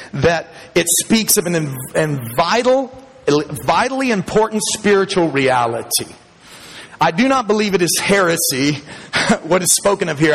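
A man preaching a sermon to a congregation in church, speaking emphatically, rising in pitch and loudness as he builds each point and chuckling between them. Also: breathy edge. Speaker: pastor. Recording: long hall reverb.

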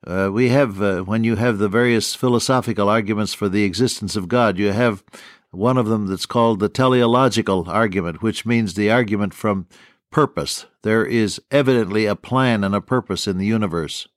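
A man's voice: lowish voice, moderate pace, dry recording, studio quality. An older man teaching the Bible on the radio in a folksy, storytelling way, often chuckling.

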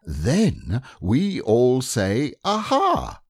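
A man's voice: on the low side, huge pitch swings, slow, darkish tone, no echo, studio quality, full character voice. A man voicing a proud, fussy male rabbit who reads out his numbered plan in a storybook reading. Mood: self-assured.

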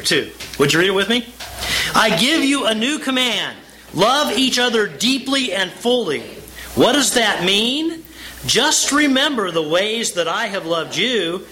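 Male pastor for a sermon: high voice, deliberate delivery that leans on key words while reading scripture. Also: sharp tone, a little hiss or hum, rough recording. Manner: deliberate, with emphatic slowed phrases; reads scripture aloud and invites the congregation to read along.

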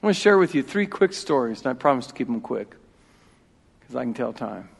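Emphatic preacher in an echoing church. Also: male voice, medium pitch, big pitch swings, a little fast, creaky, slightly rough. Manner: emphatic, repeats key phrases, swings between loud and hushed. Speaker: pastor. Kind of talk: sermon. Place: church sanctuary. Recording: long reverb of a church hall.

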